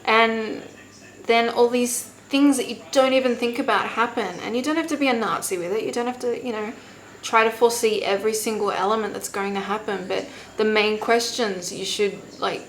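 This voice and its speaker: A woman's voice: a little high, steady tone, moderate pace, rough recording. Candid, swearing young woman vlogger. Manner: candid, swears freely, acts out quotes. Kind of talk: casual storytelling to camera.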